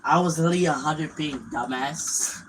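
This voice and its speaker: A young man streaming a game, mocking and taunting in loud, profane bursts. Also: on the high side, moderate pace, poor audio. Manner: yells in bursts. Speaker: gaming streamer. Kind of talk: livestream gaming trash talk. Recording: clear background noise.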